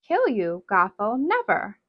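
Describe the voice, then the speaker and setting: A woman's voice: mid-range voice, huge pitch swings, slow pace, no room sound, exaggerated voice. Lady reading as a cold bossy witch mom, threatening, dull lo-fi dry sound. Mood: possessive. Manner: cold, commanding, loudly threatening. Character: cruel possessive witch mother, older woman.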